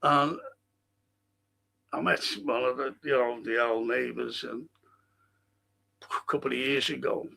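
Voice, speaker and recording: A man's voice: medium pitch, fairly even intonation, a little slow, creaky, long pauses, bright, forceful tone. A man with a Liverpool accent hosting a fan stream, rambling through viewer comments, swearing freely and laughing at his own stories. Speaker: host of a fan live stream. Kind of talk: casual chat reading viewer comments.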